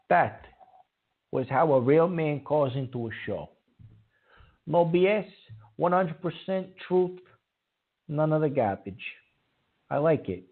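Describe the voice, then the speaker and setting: A man hosts a call-in radio show, his voice gravelly and husky and pitched a bit high. His delivery swings all over the place as he scolds rude callers. The sound is narrow and phone-like.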